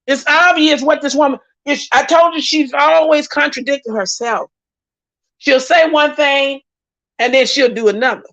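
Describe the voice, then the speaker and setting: A woman's voice: high-pitched, fairly bright tone. A woman host chatting casually on a livestream, reading viewer comments and speaking with emphatic repetition. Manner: talkative, emphatic, repeats herself for emphasis.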